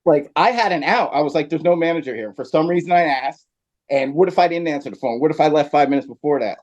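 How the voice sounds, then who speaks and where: A man's voice: on the high side, quick pace, dull audio. A man from New Jersey, a podcast guest, telling a long story in casual chat, full of fillers and asides. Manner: rambling, animated storyteller with many fillers.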